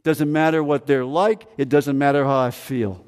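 A man's voice: fairly high pitch, steady tone, moderate pace, darkish tone, clear, resonant tone, long reverb tail. A man preaching a sermon as pastor, emphatic, repeating phrases and asking the congregation questions. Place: church sanctuary.

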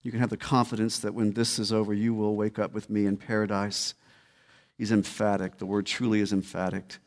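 A man's voice: fairly low pitch, level tone, fairly quick. A man preaching a sermon as pastor, emphatic and repeating key words. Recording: long hall reverb.

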